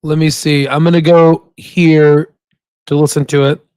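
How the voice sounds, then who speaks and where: A chatty man talks casually to his viewers, repeating himself and laughing easily. His voice sits somewhat high for a man. The sound is close and dry. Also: little pitch movement, unhurried, a little mellow, smooth, no echo. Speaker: stock investing channel host. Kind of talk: casual livestream chat. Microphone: new desk microphone.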